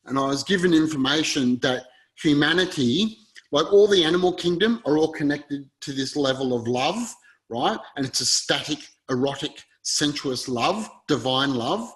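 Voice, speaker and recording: A man's voice: on the high side, expressive, moderate pace, low-quality recording. A man telling a story as an interview guest, in an earnest, rambling way and acting out quoted dialogue.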